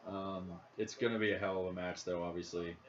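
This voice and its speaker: A man's voice: deep voice, fairly even intonation, brisk. A young man with a Midwestern accent, rambling and joking in a casual chat while playing a video game. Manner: rambling, jokey, thinks aloud. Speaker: podcast co-host. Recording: dull lo-fi audio, faint background noise.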